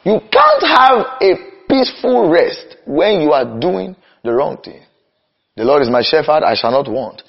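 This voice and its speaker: A young man preaching a sermon with passion, slowing down to cry out key phrases and then rushing through lists. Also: a little high, wildly swooping pitch, gravelly, husky. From Nigeria. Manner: impassioned, swings between slow emphatic cries and rapid runs. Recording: dull lo-fi recording.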